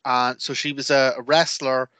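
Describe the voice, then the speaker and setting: A man, chatting on a podcast as co-host and telling animated stories that he acts out with quoted voices. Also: medium pitch, moderate pace, clean tone, no echo. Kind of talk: casual chat.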